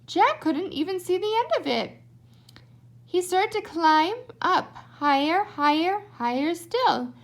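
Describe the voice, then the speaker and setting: Woman storybook reader, high voice, expressive. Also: slow. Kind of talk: reading a children's book aloud.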